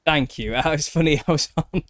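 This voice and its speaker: A man's voice: a little high, brisk, a bit bright, dry recording, studio quality. A British man hosting a podcast in casual chat, self-deprecating and laughing often. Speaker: podcast host.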